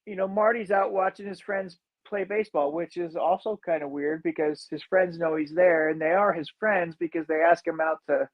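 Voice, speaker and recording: A man's fairly high voice holds a steady tone at a moderate pace with few pauses, though the recording is muffled. As a podcast co-host, he recaps a movie casually, rambling with many "you know" fillers and acting out characters' lines.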